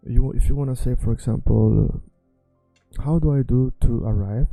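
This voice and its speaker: A man teaching a language lesson, repeating phrases slowly and patiently. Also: mid-range voice, gravelly, warm tone, no echo, soft background music.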